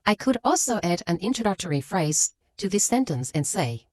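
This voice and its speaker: A woman who teaches English reads a scripted lesson at a moderate pace with few pauses, her voice fairly low but very lively and her emphasis strong. The recording is close and dry.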